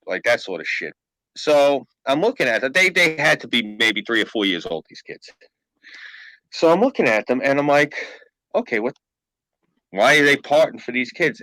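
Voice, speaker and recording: A man's voice: medium pitch, no room sound, rough recording. A man hosting a podcast, telling a story in a casual, profane way. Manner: profane, animated anecdote-telling. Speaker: podcast host.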